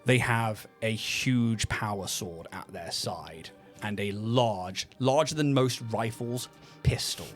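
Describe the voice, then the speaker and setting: A man narrating a tabletop game as game master, slow and descriptive with fillers. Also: on the low side. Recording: faint music behind.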